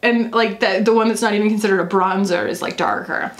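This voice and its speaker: A woman chatting casually as a beauty vlogger, animated and often laughing, alone in a room talking to a camera. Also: medium pitch, fairly quick, roomy sound. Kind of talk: casual makeup review vlog.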